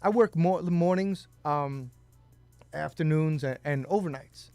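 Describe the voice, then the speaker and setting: A man's voice: fairly high pitch, a little slow, darkish tone, no echo, soft background music. A man co-hosting a casual talk show, telling rambling stories, laughing often and swearing. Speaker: podcast co-host. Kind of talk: casual chat.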